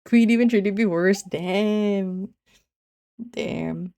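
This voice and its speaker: A woman's voice: mid-range voice, very slow, creaky, dark tone. A woman streamer chatting casually with her viewers in a teasing, giggly way, often saying she's only kidding.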